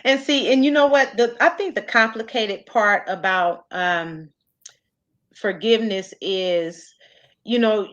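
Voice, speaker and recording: A woman's voice: mid-range voice, a bit bright. Reflective woman co-host. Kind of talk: casual chat.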